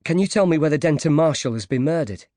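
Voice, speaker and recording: An eager, breathless woman reporter, as a male reader puts her on in an audiobook. Her voice sits a little higher than plain narration and runs quick with excitement. The recording is dry and close. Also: dry recording, lightly acted. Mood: excited. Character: driven young female newspaper reporter.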